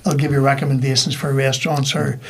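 A man's voice: medium pitch, flat delivery, quick pace, vocal fry, husky. A man hosting a casual interview, building his points thoughtfully. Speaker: podcast host.

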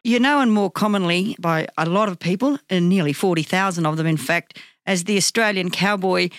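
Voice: medium pitch, moderate pace, a bit bright, no room sound, clean studio sound. An interviewer asking friendly questions and laughing along with the guest. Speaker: interviewer, host.

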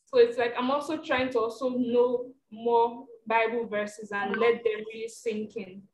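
A woman's voice: on the high side, little pitch movement, measured pace. A woman sharing her faith on a call, rambling, reflective and apologetic as she goes. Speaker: participant. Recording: roomy call with faint hum.

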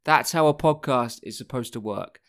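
A male podcast host talking on his own in a loose, rambling way. He swears freely and cuts himself off mid-thought, with his voice sitting at a middling pitch. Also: moderate pace. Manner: rambling, profane, self-interrupting. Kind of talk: casual solo podcast monologue.

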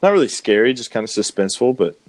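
A man's voice: fairly low pitch, big pitch swings, quick pace, a little mellow, no echo. A young man co-hosting a podcast, rambling through a story and laughing often as he loses track. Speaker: podcast co-host. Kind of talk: casual chat.

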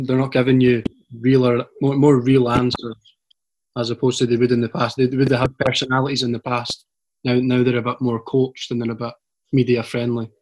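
Flat-voiced male interviewer. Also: mid-range voice, rough recording. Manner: halting, restarting questions. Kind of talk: casual interview.

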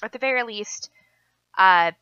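A woman's voice: medium pitch, a little slow, pushed and bright, clear, resonant tone, no echo, highs cut off. A young woman with a Minnesotan accent, hosting a casual podcast in a rambling, self-deprecating way that drifts off on side tracks. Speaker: podcast host.

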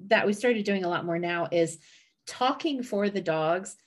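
A woman's voice: medium pitch, unhurried. Giggly rambling young woman. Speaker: podcast co-host. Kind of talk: casual chat.

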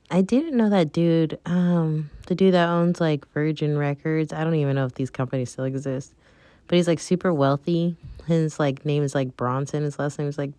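A woman's voice: deep voice, a little mellow, no room sound. A woman hosting her own show, chatting casually and rambling with plenty of fillers. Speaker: podcast host. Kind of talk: casual solo chat.

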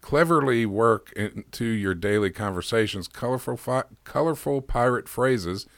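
A man's voice: mid-range voice, normal speed, no echo, clean studio sound. A man co-hosting a podcast, chatting casually and reading a silly word-game story aloud, laughing at his own readings. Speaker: podcast co-host.

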